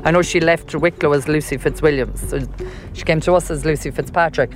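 A woman's voice: low voice, steady tone, fairly quick, faint music behind. Woman recalling a meeting. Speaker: interviewee. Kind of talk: interview.

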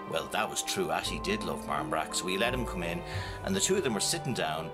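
Over loud background music, a man with a Northern Irish accent and a low voice tells a folk tale to children at a quick pace. The storyteller is animated and playful, speaking straight to his young audience.

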